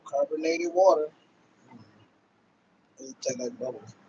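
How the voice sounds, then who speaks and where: A man's voice: a little high, takes it slowly, dark tone, muffled recording, a little hiss or hum. A man chatting loosely and calling out to his viewers on a home livestream. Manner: laid-back, loose talk, calls out to viewers constantly. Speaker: livestream host. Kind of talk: casual livestream chat.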